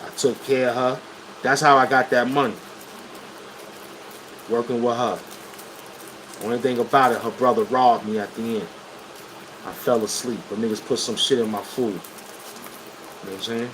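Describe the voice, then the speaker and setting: A man with a New York accent hosts a casual livestream and talks straight to his viewers. He speaks in blunt street slang at an ordinary middle pitch. The steady hum of an air conditioner runs clearly behind his voice. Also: normal speed, long pauses, poor audio. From Brooklyn, New York. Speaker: livestream host.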